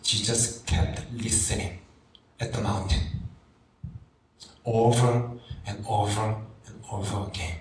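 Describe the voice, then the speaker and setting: Slow, reflective male preacher in a roomy church. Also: fairly low pitch, fairly even intonation. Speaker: pastor. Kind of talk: sermon. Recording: roomy, distant mic with faint background noise.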